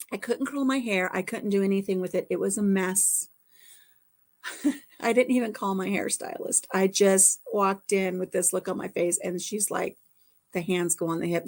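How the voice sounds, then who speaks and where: Chatty middle-aged woman telling rambling stories. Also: medium pitch. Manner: rambling storyteller, repeats phrases, reads viewer comments. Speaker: vlogger chatting with viewers. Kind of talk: casual chat.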